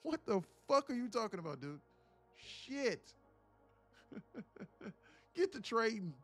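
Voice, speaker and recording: A man's voice: very high voice, very animated, slow, fairly bright tone, soft background music, voice pushed up, full character voice. A man voicing a broke, impatient young male viewer who swears and whines, demanding that the trades start. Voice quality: profane, whiny and mocking.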